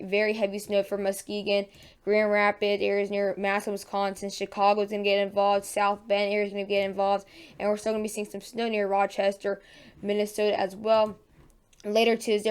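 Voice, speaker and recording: A weather channel host with a medium-pitched, darkish, clear and resonant voice presents a laid-back forecast vlog. Sounding freshly woken, she chats along with plenty of fillers and keeps correcting herself.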